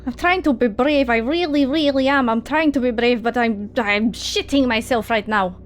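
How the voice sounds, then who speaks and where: A woman's voice: fairly high pitch, unhurried, a little mellow, a little hiss or hum, close to an everyday voice. A woman voicing a frightened companion who stammers and tries to act brave. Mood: scared. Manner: stammering, panicky.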